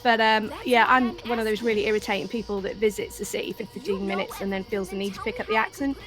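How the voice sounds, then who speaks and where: A Welsh woman with a light accent softened by London, chatting wryly and teasing on a stream. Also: mid-range voice, steady tone, fast talker, soft background music. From Wales. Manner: wry, teasing. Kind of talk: casual chat on a stream.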